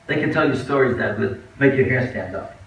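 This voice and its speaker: A man, a rabbi, giving a storytelling speech at a banquet, moving between hushed and impassioned delivery. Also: mid-range voice, fairly quick, highs cut off. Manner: dramatic, swings from hushed to impassioned. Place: large banquet hall. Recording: echoey hall recorded from far off, faint noise.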